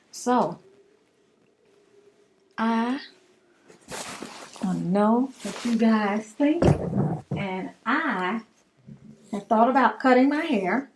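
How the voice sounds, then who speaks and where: A woman's voice: mid-range voice, darkish tone, a little hiss or hum. A woman chatting casually and affectionately to her viewers in a home vlog. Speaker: hair vlogger.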